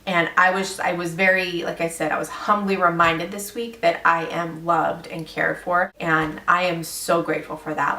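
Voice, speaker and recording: A woman's voice: lowish voice, normal speed, pushed and bright, distant mic. A woman vlogger in a casual, earnest chat to her viewers, rambling with lots of um and like. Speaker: beauty vlogger. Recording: echoey room, a bit off mic.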